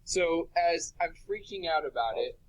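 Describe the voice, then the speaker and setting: A man, a mindset coach, telling an embarrassing personal story to an audience in a self-mocking way, jumping into high put-on voices for his own thoughts. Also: lively intonation, normal speed, poor audio.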